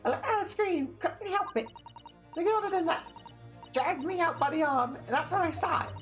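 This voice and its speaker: A man voicing a tough teenage Cockney street girl who comes out sounding like a middle-aged woman, in rough slangy speech. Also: extremely high pitch, expressive, moderate pace, a bit bright, faint music behind, voice pushed up. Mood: wary. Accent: put-on Cockney. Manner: rough slangy telling with dropped grammar. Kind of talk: game dialogue read aloud on a stream.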